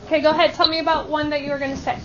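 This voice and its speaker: A woman math teacher leading a lesson with brisk, upbeat instructions and call-and-response countdowns. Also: high voice, flat delivery, noisy background. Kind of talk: classroom instruction. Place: school classroom. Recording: dull lo-fi classroom recording with student chatter.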